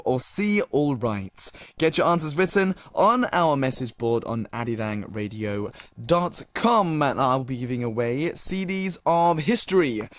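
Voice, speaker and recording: A man's voice: a little high, no room sound. A young British man as a radio DJ, reading listener messages in a polite, casual way with many fillers. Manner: polite, filler-heavy, many thank-yous.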